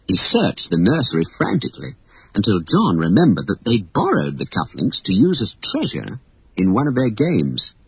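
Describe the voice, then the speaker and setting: An animated, husky storyteller. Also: mid-range voice, normal speed, dry recording, poor audio. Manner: expressive, animated. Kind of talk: children's story reading.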